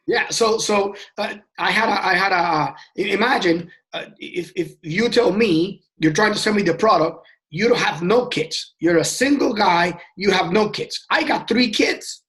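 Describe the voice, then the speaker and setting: A man with a high-pitched voice leads a sales training session. He talks casually and with passion, stressing his points and often stumbling over repeated words as he restarts sentences. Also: normal speed, few pauses, a bit bright. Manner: passionate and emphatic.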